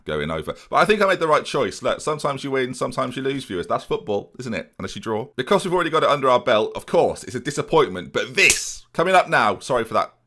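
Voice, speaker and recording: A young man casually commentating his football management game, jokey and self-mocking, with bursts of excitement. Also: mid-range voice, fast talker, hardly any pauses. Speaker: gaming YouTuber.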